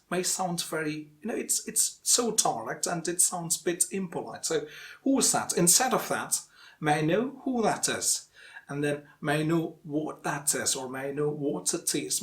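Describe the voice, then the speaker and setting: A man gives an explanatory lesson. His voice sits a little above the usual male range. He speaks deliberately and repeats each example phrase for the learner. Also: on the high side. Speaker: English teacher.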